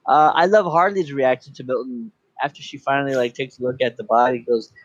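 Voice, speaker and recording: A man's voice: medium pitch, brisk, no echo. A man co-hosting a casual movie review podcast, talking with enthusiasm and acting out lines in funny voices. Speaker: podcast co-host. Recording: dry dull lo-fi sound.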